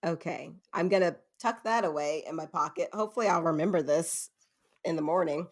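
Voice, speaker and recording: Talking a little fast in a deep voice, this young podcaster shares spooky stories in a laid-back, self-mocking storytelling chat, frequently breaking into laughter partway through sentences.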